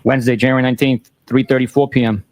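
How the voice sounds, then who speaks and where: Speaking very fast into a courtroom microphone, a man reads a series of text messages aloud. His middle-register voice keeps a flat, factual tone even through teasing lines, and he plainly reads each date and time before the messages.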